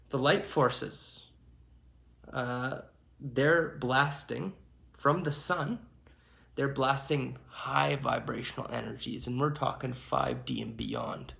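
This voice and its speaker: A man's voice: mid-range voice, creaky, pushed and bright. A man giving an emphatic, preachy spiritual monologue to his viewers, often checking in with "okay" and "my friends". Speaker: channel host.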